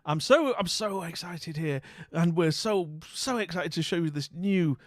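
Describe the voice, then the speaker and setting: A man's voice: on the high side, expressive, a little slow, no echo, studio quality, pitched above the performer's own voice. A man putting on an overexcited male corporate CEO who gushes and whoops on stage. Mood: gushing.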